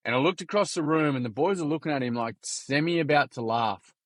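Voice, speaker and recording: An Australian man, a podcast guest, chatting casually as an animated storyteller with plenty of slang, swearing and restarts. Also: on the high side, a little fast, no room sound. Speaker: podcast guest, youth workshop founder. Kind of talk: casual interview chat.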